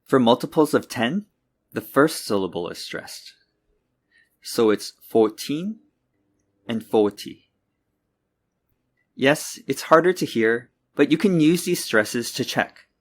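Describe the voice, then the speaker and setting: A man giving a scripted pronunciation lesson, speaking clearly and slowing down to model each word. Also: mid-range voice, expressive. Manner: clear, deliberate, slows down to model words. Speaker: English teacher.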